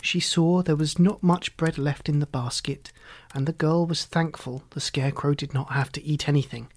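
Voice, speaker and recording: A narrator reading a children's storybook aloud in a measured way, sometimes dropping near a whisper. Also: mid-range voice. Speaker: audiobook narrator.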